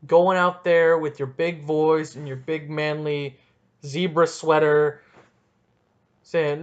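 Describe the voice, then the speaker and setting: A man's voice: a little high, flat delivery, takes it slowly, smooth, dull audio. A young man hosting a solo podcast, ranting and rambling with goofy, self-mocking asides. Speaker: podcast host.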